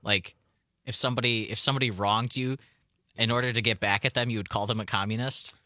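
A man's voice: medium pitch, steady tone, quick pace, pushed and bright, dry recording, clean studio sound. A young man on a casual morning radio show, curious and asking his older co-hosts questions. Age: young adult. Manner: curious, asks questions, laughs easily. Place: radio studio. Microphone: studio microphone.

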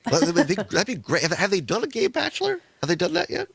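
A man's voice: high-pitched, huge pitch swings, fast, creaky, a bit bright, husky, no room sound. A man hosting a radio talk show, casual and playful, laughing often as he talks.

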